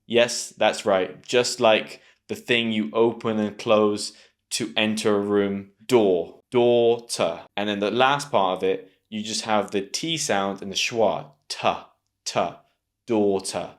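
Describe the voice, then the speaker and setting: A British man with a British English accent, teaching English pronunciation to camera and slowly repeating words clearly. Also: fairly low pitch, fairly even intonation. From Britain.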